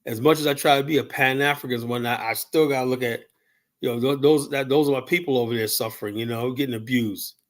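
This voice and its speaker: A man's voice: mid-range voice, steady tone, quick pace. A man from the United States hosting a call-in show, ranting heatedly and asking "you know?" again and again. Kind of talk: ranting livestream commentary.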